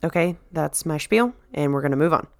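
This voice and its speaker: A woman's voice: low voice, lively intonation. A woman giving a chatty, sarcastic recap of a movie, briefly acting out the characters' lines. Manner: chatty, sarcastic, quick quoted voices.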